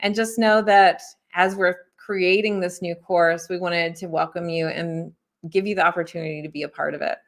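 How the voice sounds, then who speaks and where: A woman's voice: on the low side, steady tone, normal speed. A woman giving a casual oracle card reading to her viewers as an intuitive spiritual teacher, talking in a friendly, reassuring, chatty way with plenty of fillers.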